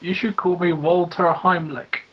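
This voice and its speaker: A man's voice: fairly even intonation, unhurried, breathy edge. A man co-hosting a podcast, tossing out silly joke names and bits in casual chat. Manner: joking, pitching silly bits. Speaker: podcast co-host. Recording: dull lo-fi sound.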